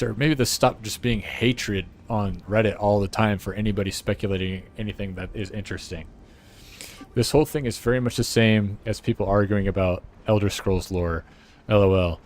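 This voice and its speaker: A man's voice: lowish voice, moderate pace. An American man streaming, chatting casually and profanely as he rambles and laughs. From United States. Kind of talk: casual chat reacting to a clip.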